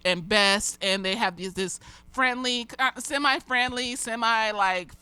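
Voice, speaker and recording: Tipsy woman, casual TV recapper, higher-pitched, bright and punchy tone, rambling and profane. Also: clean tone, no echo, rough recording. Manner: rambling, profane, laughs often. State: slightly tipsy. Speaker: TV episode reviewer.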